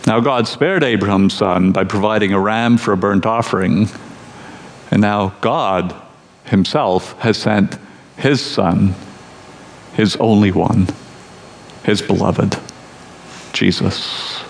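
A man preaching a sermon, teaching slowly and with emphasis in a measured delivery. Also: lowish voice, vocal fry, in a large hall.

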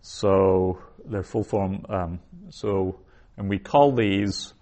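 A man's voice: low voice, fairly even intonation, warm tone. A man teaching a recorded language lesson, saying each word twice and then explaining it. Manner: slow, repeats each word twice before glossing it. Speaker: Hebrew teacher.

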